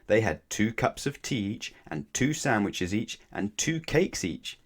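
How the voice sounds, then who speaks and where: Male bedtime-story reader, low voice, gentle and expressive. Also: measured pace. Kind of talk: children's bedtime story read-aloud.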